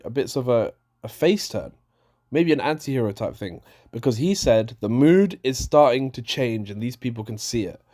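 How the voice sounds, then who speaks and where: A man rants casually through a wrestling review. He sounds animated and exasperated, often stopping mid-sentence to restart a thought. His pitch sits mid-range for a man.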